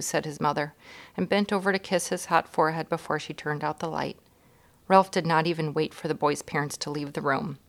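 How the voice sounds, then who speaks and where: A woman reads a children's chapter book aloud, calm and measured with gentle expression. Her voice sits a little low. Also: vocal fry. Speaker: guest reader. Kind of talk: children's storybook reading.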